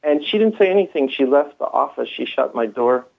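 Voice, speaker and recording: A man's voice: medium pitch, lively intonation, brisk, creaky. A man telling his story in a rambling way, with many fillers and restarts, heard through a phone line. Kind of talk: first-person storytelling.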